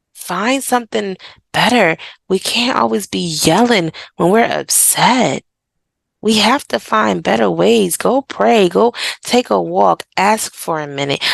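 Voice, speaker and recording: A woman's voice: medium pitch, gravelly, no echo. A woman therapist and mother talking directly and casually to listeners, giving parenting advice in a conversational monologue. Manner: direct and conversational, slipping into quoted voices. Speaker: therapist and podcast host.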